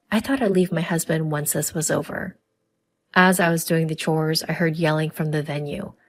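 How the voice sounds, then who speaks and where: A woman telling a first-person family drama story in scripted, even narration. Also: low-pitched.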